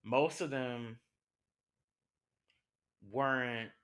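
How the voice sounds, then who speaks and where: A man's voice: medium pitch, steady tone, drawn-out words, fairly bright tone. A young man, hosting a podcast as a passionate, conversational monologue full of rhetorical questions. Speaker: podcast host. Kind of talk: personal monologue.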